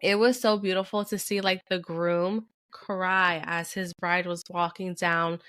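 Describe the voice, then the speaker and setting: A woman's voice: fairly low pitch, flat delivery, measured pace, fairly bright tone, smooth, no room sound. A young woman co-hosting a podcast, telling a long personal story in casual chat, full of fillers. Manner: chatty storytelling, many fillers. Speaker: podcast co-host.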